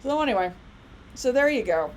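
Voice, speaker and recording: A woman's voice: fairly high pitch, lively intonation, moderate pace, slight background noise, low-quality recording. A woman in her thirties giving a casual biology lecture, chatty and rambling with many fillers and asides. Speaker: college biology instructor.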